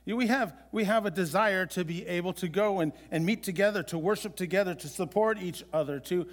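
A man preaching a sermon as pastor, in a conversational way with halting restarts. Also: high-pitched, long reverb tail.

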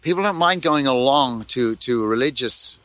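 A man pastor preaching a sermon in an animated way, full of rhetorical questions and repeated words. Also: medium pitch, normal speed, no room sound.

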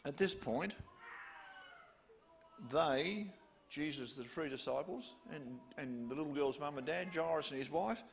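A man's voice: on the high side, unhurried, creaky. A man preaching, retelling a story with questions to his listeners. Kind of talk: storytelling sermon.

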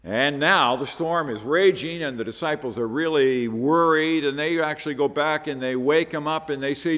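A man's voice: a little high, a bit bright. A man preaching a sermon on a Bible passage, earnest, often repeating words as he stresses a point. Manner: earnest, repeats words, quotes with rising emphasis. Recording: long hall reverb.

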